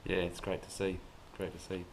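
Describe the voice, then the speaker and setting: A man interviewing a guest, asking halting questions that repeat words, speaking from away from the microphone. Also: low voice, monotone, vocal fry, poor audio. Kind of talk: casual interview. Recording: off-mic with faint background noise.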